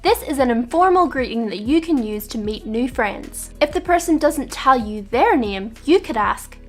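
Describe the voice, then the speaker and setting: Clear, patient woman teaching English phrases. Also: high voice, animated, normal speed. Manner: clear, patient, acts out example dialogues. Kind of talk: scripted lesson narration. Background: soft background music.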